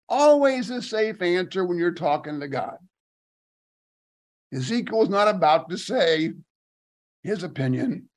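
A man leading a Bible study, reading scripture aloud and commenting on it in casual asides, rising emphatically on key phrases. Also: fairly high pitch. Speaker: Bible teacher.

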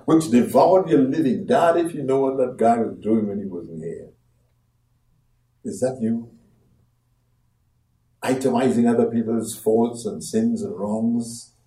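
Slow dramatic preacher man in echoey hall. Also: fairly low pitch. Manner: dramatic, acts out quoted voices, swings from hushed to loud. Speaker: pastor. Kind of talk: sermon. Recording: echoey room from far off.

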